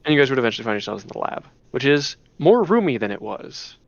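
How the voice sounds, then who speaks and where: A man's voice: medium pitch, very animated, fast, gravelly, no echo, muffled recording. A man narrating a tabletop game as game master, rambling with many restarts and fillers. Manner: rambling, full of "you know" and restarts.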